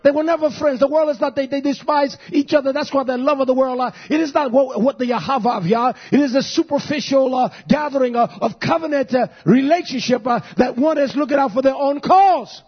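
A man in his fifties preaching a fiery sermon, dropping to low growls and rising to shouts. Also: a little fast, few pauses, dull audio. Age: 50s.

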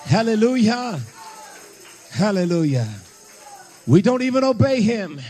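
A male preacher with a strikingly high voice delivers a fiery sermon. He hollers and stresses his words hard, breaking into loud shouts as he drives each point home to the congregation. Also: expressive, unhurried, faint music behind.

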